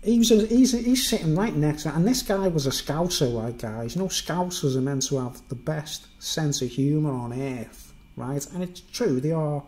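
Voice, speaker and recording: A man's voice: a little high, normal speed, darkish tone. Chatty man telling a story. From Birkenhead, England. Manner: rambling, chatty, peppered with "right?" and "man". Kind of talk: casual storytelling monologue.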